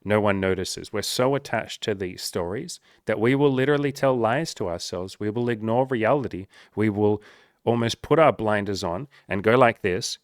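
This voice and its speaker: Male life coach, lowish voice, dry close sound, frank and swearing. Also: normal speed, dry recording. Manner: earnest, swears often, acts out quoted voices. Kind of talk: casual talking-to-camera advice.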